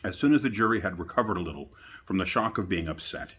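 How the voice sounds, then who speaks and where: A man reading a bedtime story aloud outdoors, relaxed and chatty between passages. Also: low-pitched, fast talker. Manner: relaxed, chatty asides with fillers.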